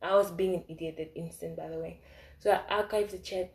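A young woman vlogger does a casual storytime about her crushes, her low-ish, creaky voice moving briskly. She's animated, swinging between loud outbursts and soft asides.

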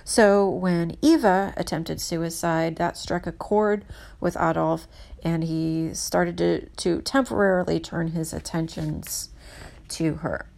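A woman narrating history from her notes in a casual, earnest way, emphatic and halting with many restarts. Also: on the low side, fairly even intonation, creaky, a little mellow.

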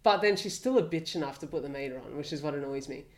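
A man's voice: on the high side, quick pace. A young Australian man co-hosting a podcast, telling a story in a blunt, sweary, laughing way. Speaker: podcast co-host. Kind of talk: casual storytelling chat.

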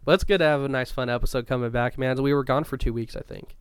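A man's voice: mid-range voice, steady tone, fast talker, smooth, no room sound. A young man co-hosting a podcast, talking loosely in a rambling way and swearing often. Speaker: podcast co-host. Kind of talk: casual chat.

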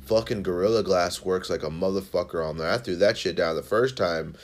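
A young man from Northern California's Central Valley rambles through a story on his podcast, swearing freely and talking in a loose, casual way. His voice sits on the low side, and he jumps from one tangent to the next. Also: brisk, a little hiss or hum. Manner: profane, rambling, animated storytelling. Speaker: podcast host.

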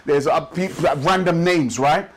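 A man preaching a sermon in a church service, building rhythm with repeated phrases and slowing down to stress his points. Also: on the high side, rough recording. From Nigeria. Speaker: pastor.

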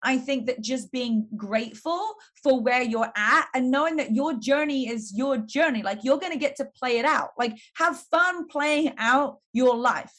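A woman's voice: high-pitched, a little slow, hardly any pauses, a bit bright. An English woman, a fitness entrepreneur, answering interview questions in an upbeat, casual way, leaning heavily on "like". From England. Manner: upbeat, heavy use of "like".

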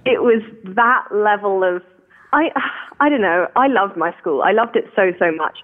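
A woman's voice: medium pitch, moderate pace. A British woman calling in by phone, candid and self-conscious, often laughing at herself. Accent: British English. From England. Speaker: caller. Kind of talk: phone-in conversation. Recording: tinny phone line.

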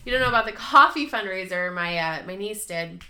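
A woman in her thirties with a bright, clear voice at a middle pitch. She chats casually as a co-host, telling stories and acting out what people said, swearing freely along the way. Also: lively intonation, brisk. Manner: chatty storyteller, swears freely, acts out quotes. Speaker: podcast co-host. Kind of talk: casual chat.

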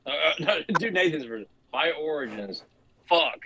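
A man's voice: on the high side, lively intonation, brisk, gravelly, bright, forceful tone, muffled recording, slight background noise. A man co-hosting a live stream, joking and bantering eagerly. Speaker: co-host. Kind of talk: casual livestream chat.

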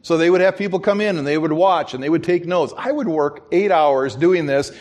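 A man's voice: on the high side, brisk, a little mellow. A middle-aged man preaching a sermon as pastor, telling stories and acting out the people in them. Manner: storytelling, acts out quoted voices, chuckles at himself.

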